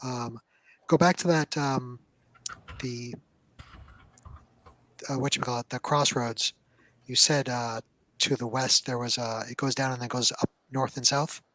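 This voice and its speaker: A man's voice: mid-range voice, steady tone, measured pace, pauses often, sharp tone, no echo. A man playing in a tabletop game, chattily declaring what his character does. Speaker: player. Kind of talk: casual tabletop game talk.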